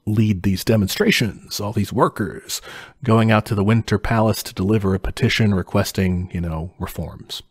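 A man with a somewhat low voice talks through history in casual podcast chat. He is laid-back, chuckles often and swears casually. The sound is dry and close, with no room around it. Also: normal speed, breathy edge, dry recording. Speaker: podcast co-host explaining history.

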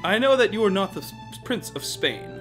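Man doing a pompous bird attorney, formal legalese, bouncing pitch, faint background music. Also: huge pitch swings, a little fast. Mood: stern. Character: pompous bird defense attorney, male, sharp.

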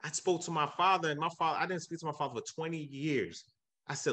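A man's voice: on the high side, fast, sharp tone. A man who works as a real estate agent, giving a hyped, emotional motivational talk on a livestream. He repeats himself often and cheers people on. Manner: hyped, repetitive, cheering on donors; earnest and emotional when preaching.

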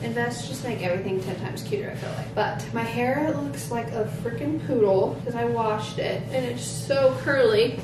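A young pregnant woman talks to her phone camera in a loose, chatty vlog voice, peppering every sentence with fillers. Her voice sits a little high. A faint hiss of noise stays underneath. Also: moderate pace, few pauses. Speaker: vlogger. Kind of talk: casual vlog chat. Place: home and out running errands.

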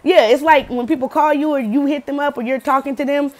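A woman with a high, fairly quick voice and fairly even intonation does a casual pick-a-card tarot reading. She's slangy, cusses freely, laughs often, acts out quotes loudly and keeps checking in with the viewer by asking "okay?"

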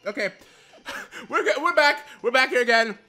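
Excitable young man narrating his gameplay. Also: very high-pitched, moderate pace. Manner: excitable, swears, apologizes a lot. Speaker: let's play gamer. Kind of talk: casual gameplay commentary. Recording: game music behind the voice. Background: faint game music.

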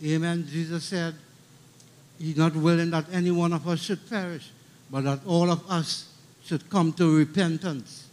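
A man's voice: fairly high pitch, fairly even intonation, normal speed, a little mellow. A middle-aged man with a Trinidadian accent preaching a funeral sermon, emphatic and repeating key lines, calling out for amens.

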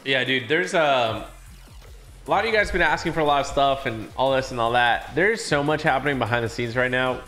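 Guy streaming a game, throat's a bit sore, chill chatty voice, quick shout-outs, faint music behind. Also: mid-range voice. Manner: reads out viewer shout-outs in quick, upbeat bursts. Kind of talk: casual live-stream chat.

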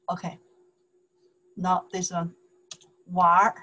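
A woman's voice: mid-range voice, slow, fairly bright tone, slight background noise. A woman with a Mandarin Chinese accent teaching a language lesson in English, patiently repeating phrases and checking in with "okay?".

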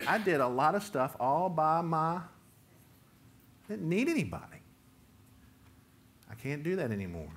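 Animated man preaching a sermon. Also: a little high, a little slow, long pauses. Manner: animated preaching, rising loud for quoted voices. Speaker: pastor.

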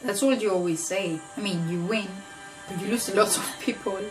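A woman's voice: medium pitch, moderate pace, over music. A woman hosting a reaction video, chatting casually, laughing often and swearing freely.

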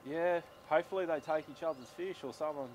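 A man's voice: a little high, fairly quick, slight background noise. A young Australian man, a tournament angler, chatting casually and acting out sounds as he recaps his fishing day. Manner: animated storyteller, acts out sounds and quotes.

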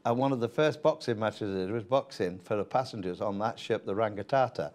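A man's voice: fairly low pitch, brisk. An older man, a retired politician, telling blunt anecdotes as an interview guest. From England. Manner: blunt, lively storyteller. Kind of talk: anecdotal storytelling.

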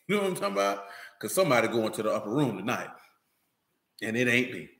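A man preaching an animated sermon in loose, street-style talk, often asking "you know what I'm talking about". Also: on the low side, fast talker, roomy sound.

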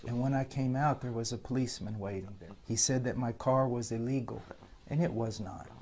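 A man preacher telling a personal story with mounting energy, acting out the quoted exchanges and getting louder as it goes on. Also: mid-range voice, fairly quick, slight background noise. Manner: builds from calm to loud, laughing retelling. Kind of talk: animated storytelling.

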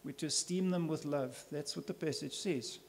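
A man's voice: a little high, normal speed, slight background noise. Earnest, emphatic male pastor preaching. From South Africa. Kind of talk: sermon. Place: church.

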